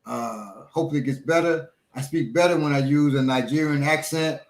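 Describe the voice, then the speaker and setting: A middle-aged man talking casually as a show host, his speech a little slurred and halting, with many pauses and fillers. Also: a little high, echoey room, rough recording. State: slightly slurred speech after a small stroke. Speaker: podcast host and instructor. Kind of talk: casual chat.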